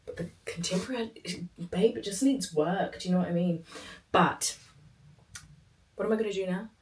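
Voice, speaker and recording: A woman in her twenties vlogging casually to camera, chatty and rambling, her voice hoarse and sore. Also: on the low side, moderate pace, darkish tone, a little hiss or hum. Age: 20s. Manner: chatty, rambling, self-talk. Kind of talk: casual vlog chat.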